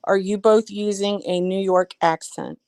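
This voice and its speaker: A woman's voice: medium pitch, steady tone, a little slow, darkish tone, clear, resonant tone, dry recording. A woman hosting a live stream, talking casually and bluntly, swearing freely and speaking her mind. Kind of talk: casual chat.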